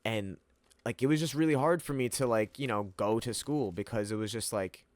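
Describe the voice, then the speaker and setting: A man's voice: mid-range voice, a little fast, no room sound. A young man telling a rambling personal story, full of slang, swearing and laughter. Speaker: vlogger. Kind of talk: casual storytelling to camera.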